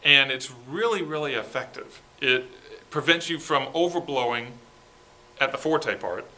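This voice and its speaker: A man's voice: medium pitch, lively intonation, a little slow, sharp tone. A man coaching a student band through a march, explaining the parts and checking in with "okay" as he goes. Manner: coaching, sings parts with syllables. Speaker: composer coaching school band. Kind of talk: rehearsal instruction.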